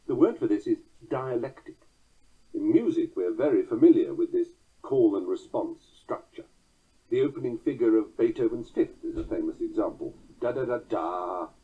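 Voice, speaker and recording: A man reading a book on poetry aloud, measured, chanting verse rhythms and reciting quotations slowly. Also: medium pitch, slightly rough. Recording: tinny phone-like sound.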